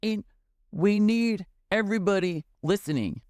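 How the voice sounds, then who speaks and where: A man's voice: sits high, a little slow, darkish tone, dry recording, studio quality. A man, a podcast guest, telling a heartfelt story in a tearful, emotional way, with many fillers and restarts.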